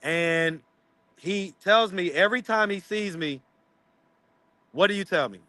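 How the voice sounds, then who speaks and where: A man's voice: high voice, unhurried, sharp tone. A man hosting a casual livestream chat, rambling and teasing his viewers. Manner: rambling, teasing, laughs often. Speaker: street interview channel host.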